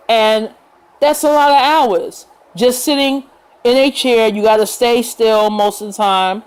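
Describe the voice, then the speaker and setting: A woman vlogger talking to the camera in a casual, earnest and reassuring way, unhurried, with fillers and pauses. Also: on the high side, a little mellow, rough recording.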